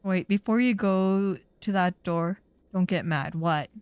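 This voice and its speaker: A woman's voice: on the low side, measured pace, darkish tone, smooth, dry recording. Young woman, game streamer, chatty, indignant, rambling, dry close mic. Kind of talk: casual gaming commentary.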